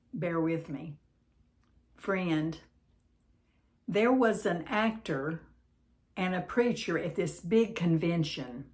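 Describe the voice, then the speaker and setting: Woman, devotional host, gentle, unhurried, lowish voice, reading a note then chatting. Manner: gentle, unhurried, with pauses and fillers.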